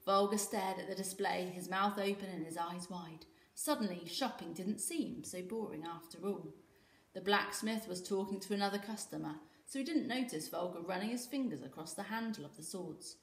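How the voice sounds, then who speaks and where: A British woman teacher reading a children's story aloud in an expressive, lively way. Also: medium pitch, normal speed, roomy sound. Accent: British English. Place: school room.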